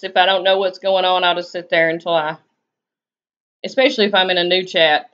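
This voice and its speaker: Her voice sits on the low side but has a fairly bright tone. She's a woman with a Southern US accent, relaxed and drawling as she chats on her live stream and responds to viewers' comments, all in dull lo-fi stream audio.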